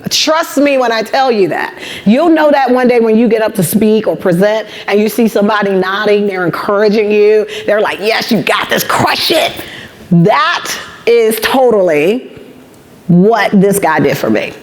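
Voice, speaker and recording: A woman's voice: mid-range voice, normal speed. A woman in her fifties giving a motivational talk to students, telling stories with emphatic repetition and acting out the dialogue. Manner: animated storyteller, acts out quoted dialogue. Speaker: guest speaker.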